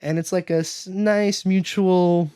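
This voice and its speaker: A man with a slightly high voice recaps an animated film in a loose, chatty podcast style. He bursts into excited character voices as he retells scenes. The recording is close and dry, with no room sound. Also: unhurried, clean tone, no echo. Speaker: podcast host.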